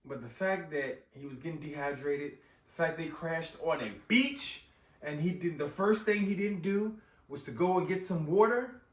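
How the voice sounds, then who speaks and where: A man recapping a movie in casual chat, animated and slangy, often exclaiming. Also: on the high side, normal speed. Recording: roomy echo, distant mic.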